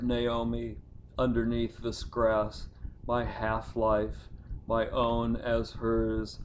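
A man's voice: medium pitch, completely flat delivery, slow, lo-fi sound, a little hiss or hum. A poet reading his own poem as an incantatory litany that builds to chanted cries. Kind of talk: poetry reading.

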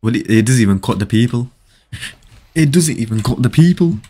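A man streaming a game live, chatting casually with viewers, excitable and often repeating phrases as he reads chat aloud. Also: medium pitch, fairly quick, slightly rough.

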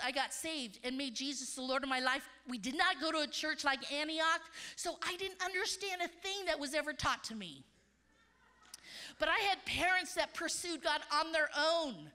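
A woman in her fifties preaching in a large church, swinging between loud exclamations and hushed asides. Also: high voice, expressive, normal speed. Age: 50s. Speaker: conference speaker. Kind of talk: sermon.

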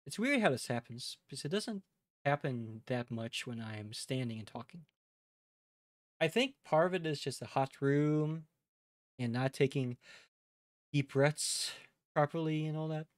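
A man with a fairly high voice and a Midwestern American accent talks to his stream chat at a measured pace, pausing often as he rambles in a relaxed way and addresses viewers directly. The recording is dry and studio quality.

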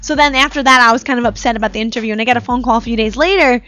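A woman's voice: on the high side, rapid-fire, sharp tone, faint music behind. A woman hosting a casual talk show, telling stories in a chatty way full of "like" and "you know". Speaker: host. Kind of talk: casual chat. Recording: dull lo-fi live stream audio.

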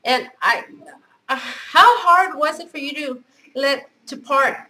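A woman's voice: high voice, takes it slowly, sharp tone, slight background noise, rough recording. A middle-aged woman chatting at home as a craft vlogger, gushing and effusive as she shows off gifts. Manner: gushing, effusive, repeats praise words. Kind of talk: casual unboxing chat.

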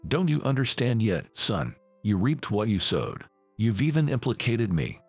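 A man's voice: fairly low pitch, sing-song, a little slow, slightly rough, soft background music, exaggerated voice. A man reading the part of a stern, middle-aged father scolding his son, in a storybook reading.

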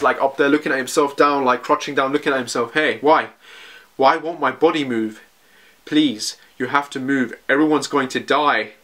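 Male reaction host, excitable, slightly high voice, rambling casual commentary. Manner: excitable, rambling, keeps saying "man". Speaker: manga reaction video host.

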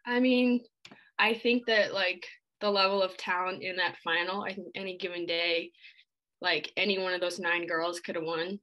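A young woman with a bright, clear voice sits low in her range as she answers interview questions. She talks casually, with plenty of fillers like "like" and "I mean." She is shivering slightly after an ice bath. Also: moderate pace, low-quality recording. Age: young adult. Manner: relaxed, filler-heavy speech, many "like"s. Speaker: athlete interviewee.

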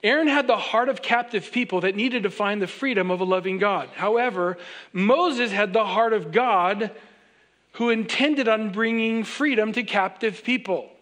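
High-voiced man preaching casually. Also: moderate pace. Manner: conversational, animated preaching with repeated direct appeals to the congregation; acts out quoted voices of others. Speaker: pastor. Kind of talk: sermon.

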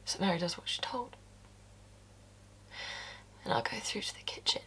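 A woman's voice: lowish voice, moderate pace, a little hiss or hum, lightly acted. An actress performing a stage monologue as a blunt, working-class woman who confesses to a killing, swearing and dropping into whispers.

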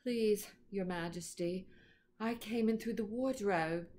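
A woman's voice: medium pitch, slow pace, a little mellow, natural voice. A woman doing a timid young boy. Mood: meek. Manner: meek and polite.

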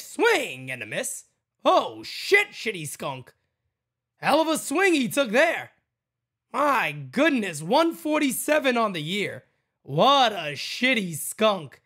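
A man hosting a fan livestream, calling a baseball game pitch by pitch in a casual, excitable way and chatting with viewers between plays. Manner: excitable, jumps to loud calls on big plays. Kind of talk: casual play-by-play with chat shout-outs.

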